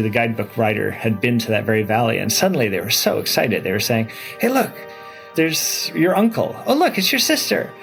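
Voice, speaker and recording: A man telling travel stories in a relaxed interview manner, enthusiastic and repeating words as he goes. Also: medium pitch, vocal fry. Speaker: adventurer recounting his trip. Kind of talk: casual interview storytelling.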